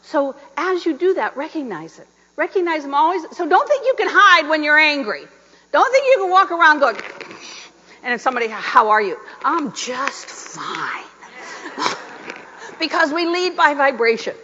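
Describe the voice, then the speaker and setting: A middle-aged woman minister preaches through a story, acting out the people in it with a swooping, animated delivery. Her voice is high and bright. The recording is dull and carries the long reverb of a large church. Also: moderate pace, a little hiss or hum. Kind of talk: sermon with storytelling. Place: church sanctuary.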